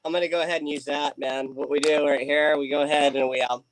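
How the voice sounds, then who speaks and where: A man's voice: a little high, little pitch movement, fast, a little hiss or hum, low-quality recording. A man chatting casually on a livestream, rambling with lots of fillers while he waxes a bowstring. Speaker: livestream guest. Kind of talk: casual chat.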